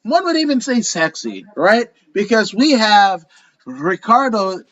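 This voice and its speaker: A man's voice: high-pitched, sing-song, measured pace, a bit bright, dull audio. A man co-hosting a casual fight preview chat, rambling and joking with plenty of swearing. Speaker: co-host.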